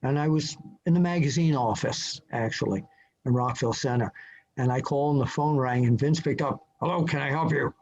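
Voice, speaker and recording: An older man, a journalist appearing as a podcast guest, telling a story from memory in a halting way, full of fillers and restarts. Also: mid-range voice, a little mellow. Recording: slightly dull lo-fi audio with faint hiss.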